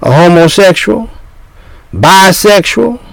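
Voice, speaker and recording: A man's voice: high voice, lively intonation, takes it slowly, vocal fry, rough recording. An older man preaching a sermon, scolding his listeners with repeated points and rhetorical questions.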